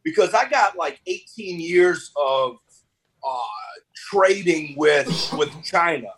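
A man guesting on a casual podcast interview, relaxed and streetwise, often repeating words and calling the host "bro". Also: fairly high pitch, slow, a little hiss or hum, rough recording. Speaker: podcast guest, business owner.

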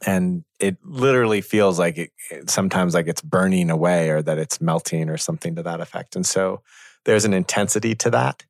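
A man teaching in a reflective conversation, measured and thoughtful, pausing to find his words. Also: sits low, creaky, dry recording, studio quality.

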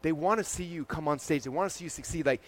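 A man giving a motivational talk to a live audience, energetic and peppered with "like", often checking in with "okay?" and "right?". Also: fairly high pitch, fast talker. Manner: heavy use of "like" as a filler. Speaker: speaker presenting to a live audience.

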